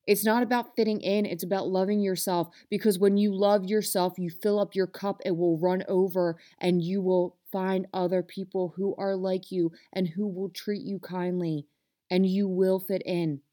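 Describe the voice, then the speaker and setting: A woman's voice: mid-range voice, fairly even intonation, normal speed, mellow. Passionate woman giving a motivational talk. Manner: earnest and passionate, speaks directly to listeners. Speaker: self-help podcast host.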